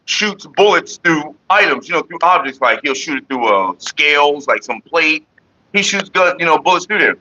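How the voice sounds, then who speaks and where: A man's voice: on the high side, sharp tone, dry recording, muffled recording. A man from California hosting a casual livestream, chatting loosely and profanely and greeting viewers by name. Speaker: livestream host.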